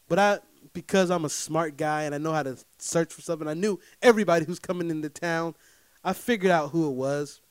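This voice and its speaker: A man telling a personal story to his listeners in a casual, animated way. He is emphatic, keeps checking in with his audience, and swings between loud bursts and low asides. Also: clear, resonant tone, no room sound.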